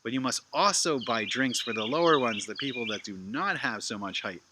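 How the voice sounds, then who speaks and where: A man's voice: mid-range voice, animated, brisk, background noise, natural voice. A man voicing a royal winemaker who explains who gets which drinks. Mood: explaining.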